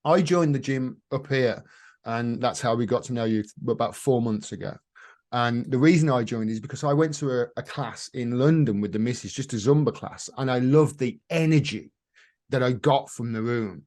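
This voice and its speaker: A man's voice: medium pitch, moderate pace, darkish tone. A man hosting a casual interview, talking enthusiastically, often repeating and restarting words. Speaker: host.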